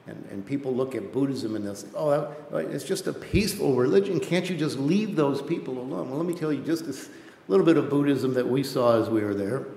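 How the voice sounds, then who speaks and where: Earnest preacher in an echoey hall. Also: male voice, a little mellow. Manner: earnest, repeats words when building a point. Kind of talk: missionary sermon. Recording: echoey hall with faint rumble.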